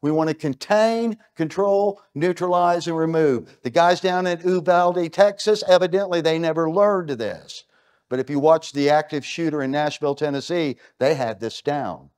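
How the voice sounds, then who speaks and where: A man's voice: on the high side, moderate pace, darkish tone. A middle-aged American man giving a conference keynote in a punchy, emphatic way, full of rhetorical questions. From United States. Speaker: keynote speaker. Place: stage at an event.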